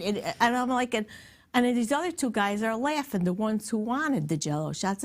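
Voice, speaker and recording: A middle-aged woman, a podcast guest, telling a story in a casual, animated way, laughing and swearing freely. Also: a little high, moderate pace.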